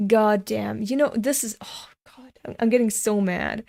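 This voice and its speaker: A woman's voice: mid-range voice, moderate pace, gravelly, mellow. A woman in her twenties reading a comic aloud and ranting frankly about it, swearing freely. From Europe. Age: 20s. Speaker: webcomic reader and commentator.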